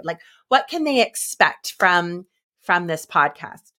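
A woman's voice: fairly high pitch, big pitch swings, slow pace, pushed and bright. A woman hosting a podcast interview, encouraging her guest in a casual chatty way full of fillers. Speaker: podcast host and coach.

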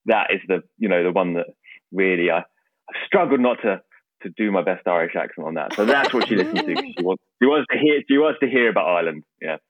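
A man's voice: deep voice, animated, fast, no echo. Essex man on a tinny line. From England. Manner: self-deprecating, laughs often, many restarts. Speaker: podcast guest. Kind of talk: casual chat. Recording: dry, tinny phone-like line.

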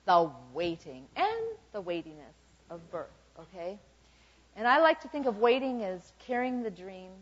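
A woman in her fifties giving an informal, chatty sermon full of "okay" and "you know" asides. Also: mid-range voice. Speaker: church speaker. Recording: dull lo-fi recording.

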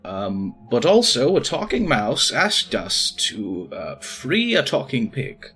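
A man's voice: medium pitch, wildly swooping pitch, slow, sharp tone, soft background music, voice pushed up, heavily acted. A man voicing a reluctant male rogue from a thieves' guild, who rambles with hesitant politeness. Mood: flustered.

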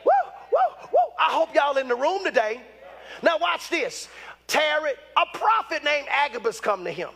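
A man in his fifties delivers a sermon in a strikingly high voice. He preaches with fervor, bursting into shouts and repeating phrases to drive a point home. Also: animated, moderate pace, gravelly, some chatter behind. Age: 50s. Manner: fervent, bursts into shouts, repeats lines for emphasis.

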